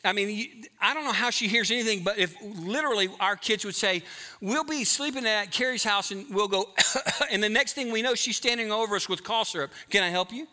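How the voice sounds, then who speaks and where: A middle-aged man preaching a sermon, emphatic, moving between loud stretches and hushed ones. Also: high-pitched, fairly quick. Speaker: pastor.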